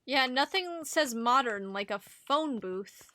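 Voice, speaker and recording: A woman's voice: high voice, lively intonation, slow, pushed and bright. A woman streaming a story game, chatting playfully and reading lines aloud. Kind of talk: casual game commentary.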